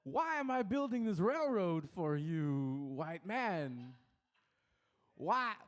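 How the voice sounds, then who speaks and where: A halting, drawn-out celebrity impression, as a stand-up comic puts it on. The voice sits much higher than his own and stretches every phrase slowly, with strange pauses. It swings widely up and down in pitch. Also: expressive, creaky, a bit bright, exaggerated voice. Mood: mock-dramatic.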